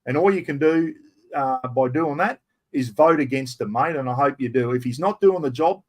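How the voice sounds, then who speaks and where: On a live stream, an older Australian man responds to chat questions from viewers, blunt and blokey, calling everyone mate and swearing as he goes. He has a mid-range voice and a moderate pace.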